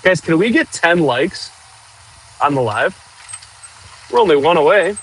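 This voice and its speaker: A man hosting a casual outdoor livestream, chatting and joking with viewers while clearing trees with a machine. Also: a little high, sing-song, unhurried, fairly bright tone, rough recording. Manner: chatty, jokey, talks to viewers while working. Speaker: livestream host.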